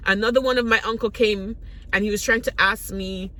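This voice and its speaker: Bright-voiced Caribbean-raised woman storyteller. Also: medium pitch, steady tone, a little fast. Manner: candid, rambling, frequent restarts. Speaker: vlogger. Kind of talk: personal storytelling to camera.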